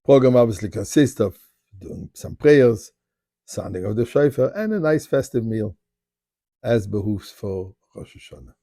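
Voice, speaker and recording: A rabbi tells a personal story in an animated voice, dark and gravelly with a husky edge. The sound is dry and close, and he rattles off prayer lines at speed before slowing down for the story. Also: medium pitch, no echo. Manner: animated storyteller, recites Hebrew prayer at rapid pace. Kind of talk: spoken storytelling. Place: Montreal.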